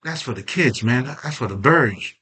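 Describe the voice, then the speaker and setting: A man's voice: medium pitch, animated, normal speed, sharp tone, slightly rough. A man giving a casual, emphatic spoken monologue on personal growth, full of swearing and rhetorical questions. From Haitian background. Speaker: self-growth vlogger.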